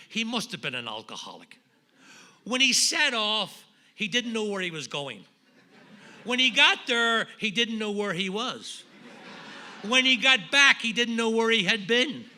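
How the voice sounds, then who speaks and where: A man's voice: high-pitched, bright, forceful tone. A man with a Northern Irish accent, telling his recovery story at a meeting in a wry, self-deprecating way, landing jokes for the audience. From Northern Ireland. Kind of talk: humorous personal recovery talk.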